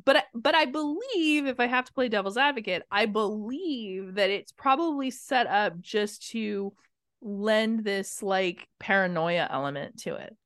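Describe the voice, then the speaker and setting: A woman co-hosting a movie review podcast, chatting casually in an animated, gushing way and laughing often. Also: medium pitch, a little slow, no room sound, clean studio sound. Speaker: podcast co-host.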